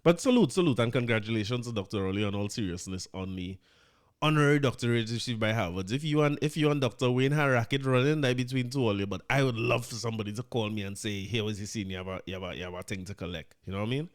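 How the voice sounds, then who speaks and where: A man's voice: lowish voice, fast talker. A man with a Trinidadian accent, hosting a podcast in casual, chatty commentary with laughing, opinionated asides. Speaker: podcast host.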